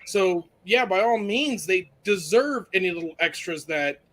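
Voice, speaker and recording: A man joins the casual chat, explaining himself with a halting delivery. His voice sits quite high for a man. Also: animated, a bit bright.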